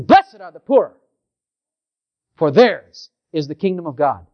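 A man's voice: fairly high pitch, sing-song, takes it slowly. Fervent male preacher, lo-fi recording. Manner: fervent, rising emphatically into quoted prayers. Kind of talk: sermon. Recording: dull lo-fi recording.

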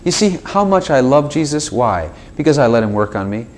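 Male preacher, mid-pitched, swoops up and down, chatty asides to the room, faint low rumble behind. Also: brisk. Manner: animated, talks directly to listeners with frequent asides and acted dialogues. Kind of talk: informal sermon to a small group.

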